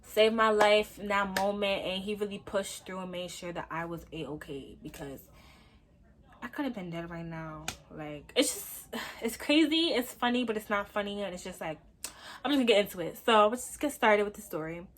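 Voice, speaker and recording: Animated young New woman telling a story. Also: medium pitch, normal speed, slight background noise. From Brooklyn, New York. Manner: animated, slangy, talks straight to viewers. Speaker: vlogger. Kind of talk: casual storytime. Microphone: phone.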